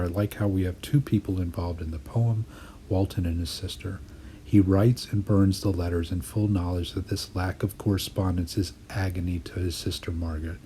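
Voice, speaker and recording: Man, writing teacher, very low voice, thoughtful measured explaining, voice-over lesson. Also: mellow, a little hiss or hum. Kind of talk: voice-over lesson on poetry drafting.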